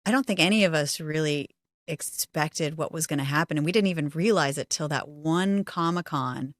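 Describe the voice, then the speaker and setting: A woman's voice: low voice, normal speed, no echo, studio quality. Giggly woman co-hosting a podcast. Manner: chatty, giggly, restarts sentences. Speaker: podcast co-host. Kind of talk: casual podcast chat.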